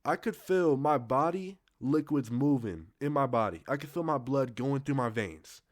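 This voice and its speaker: Young guy, casual storytime, slangy and rambling, medium pitch, dead-dry close sound. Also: lively intonation, moderate pace, no echo. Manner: loose, slangy, profane, rambling with restarts.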